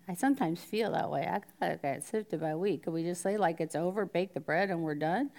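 A woman's voice: on the low side, fairly quick, gravelly, hardly any pauses, darkish tone. Woman teaching a Bible study, sometimes whispering. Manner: conversational, drops to a whisper at times, asks the room questions.

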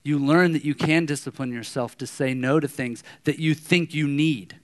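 A man's voice: on the high side, normal speed. A man in his thirties preaching a sermon as a pastor, telling personal stories in a conversational way and acting out anger. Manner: conversational storytelling, animated when acting out anger.

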